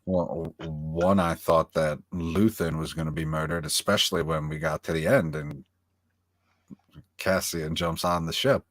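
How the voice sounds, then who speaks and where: A man co-hosting an online review show, telling stories in an animated, heavily profane way over a video call. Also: a bass voice, unhurried, no room sound, clean studio sound. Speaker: podcast co-host. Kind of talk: casual review chat.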